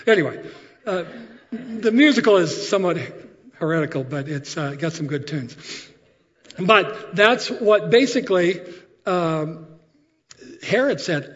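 A male preacher tells stories from the pulpit in a relaxed, animated sermon voice that sits a little high for a man. His voice rings out with a long reverb tail, and the recording sounds slightly dull and muffled. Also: normal speed. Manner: conversational, animated storytelling with asides. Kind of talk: sermon storytelling.

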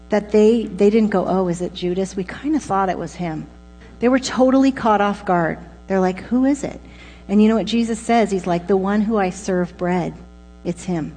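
A woman's voice: mid-range voice, mellow. A woman preaching a casual, conversational sermon, informal and full of asides. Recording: long reverb with mains hum.

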